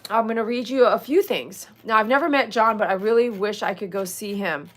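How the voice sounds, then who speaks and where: A woman's voice: medium pitch, fairly quick. Woman, Texan accent, middle-aged, chatty livestream host, jokes and laughs. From Texas. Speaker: dog groomer hosting a livestream. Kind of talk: casual livestream chat with viewers.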